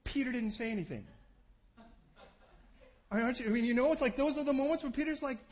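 A man preaching a sermon, animated, acting out scenes with voices. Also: very high-pitched, quick pace, long pauses. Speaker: pastor.

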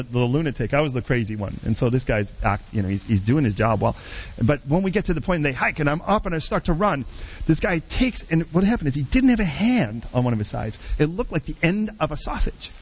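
A middle-aged man preaching a sermon through a personal story, animated and rambling, with many restarts and asides. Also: mid-range voice, quick pace, slightly rough, lo-fi sound.

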